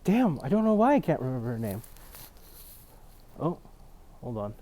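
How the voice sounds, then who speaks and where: A young man from Canada with a Canadian accent, telling a casual story with laughs and sudden loud exclamations. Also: medium pitch, big pitch swings, moderate pace, a little hiss or hum.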